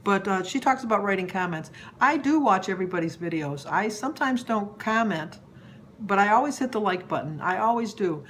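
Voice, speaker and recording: A woman's voice: mid-range voice, expressive, a little fast, fairly bright tone, slight background noise. A woman in her sixties vlogging about weight loss in a rambling, chatty way, easily sidetracked. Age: 60s. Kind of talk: casual chat to camera.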